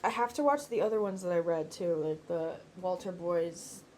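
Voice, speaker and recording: A woman co-hosting a casual podcast chat, animated and giggly, talking in quick bursts. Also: fairly low pitch, slight background noise. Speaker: podcast co-host.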